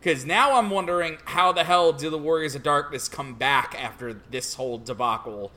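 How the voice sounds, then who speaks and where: A young man co-hosting a casual podcast chat, relaxed and wry with a teasing edge. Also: on the high side, moderate pace. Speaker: podcast co-host.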